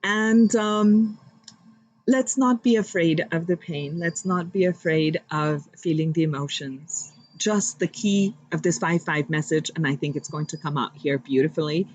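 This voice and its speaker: Earnest, soft-spoken woman with a low voice. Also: unhurried, low-quality recording. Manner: earnest, softly spoken, a bit nervous and rambling. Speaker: tarot reader. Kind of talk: guided meditation and spiritual reading.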